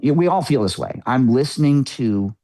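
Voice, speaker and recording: There's no echo on this warm, mid-range voice, which has lively intonation and normal speed. It belongs to a middle-aged man, a musician guest on a podcast, who candidly shares a personal story in an earnest, reflective, chatty way with many fillers.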